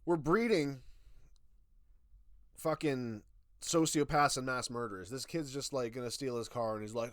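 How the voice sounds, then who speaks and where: A man's voice: medium pitch, moderate pace, long pauses, a bit bright, dry recording. A young man rants in a sarcastic, exasperated tone and swears freely. His voice sits in the middle range. The room is dry and close. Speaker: YouTube reviewer. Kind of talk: ranting commentary.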